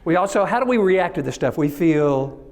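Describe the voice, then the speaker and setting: A man from Kilgore, Texas, delivers an interactive keynote on a conference stage, joking with the audience and asking them questions. His voice is a little high and brisk, with lively intonation and a darkish tone. There is slight background noise.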